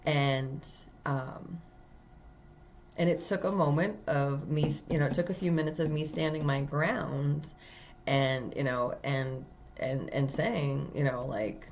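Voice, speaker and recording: A low-pitched woman talks through a personal story in a casual spiritual monologue, earnest and emphatic, with plenty of fillers and restarts. A faint hiss of noise sits under her voice. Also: slow, darkish tone. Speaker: tarot reader.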